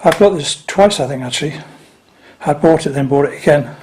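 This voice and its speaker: A man's voice: on the high side, fairly quick, darkish tone, a little hiss or hum. A man talking casually and unhurriedly to camera about his record collection, with dry little asides.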